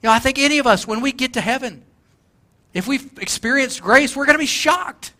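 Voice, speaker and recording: A male preacher with a high, bright, forward voice delivers a sermon with earnest emphasis. He repeats his key lines to drive them home. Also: fairly quick. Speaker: pastor.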